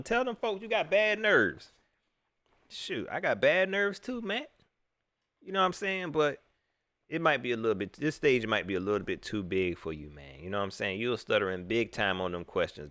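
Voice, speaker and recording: In a dry recording, a livestream host with a fairly low voice talks briskly as he reacts to a clip. He's animated, laughing and mocking throughout his banter.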